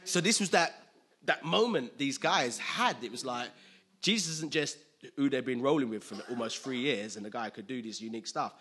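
A man preaching a conversational sermon, chatty and quick to laugh, often asking listeners if they follow. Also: medium pitch, sharp tone, husky.

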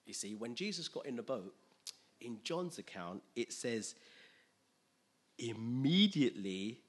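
A man preaching a conversational sermon, chatty and quick to laugh, often asking listeners if they follow. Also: mid-range voice, very animated, breathy edge.

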